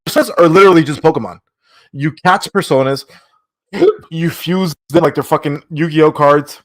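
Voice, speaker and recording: A man on a casual gaming podcast who sounds keyed up and rambles on, swearing freely. His voice sits a little higher than most men's, and he keeps talking through a bout of hiccups. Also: moderate pace. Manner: excitable, rambling, swears often. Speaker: podcast co-host.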